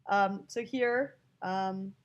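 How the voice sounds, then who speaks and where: A female teacher gives language learners a listening lesson, explaining slowly and spelling words out letter by letter. Her pitch is medium, and the recording's highs are cut off.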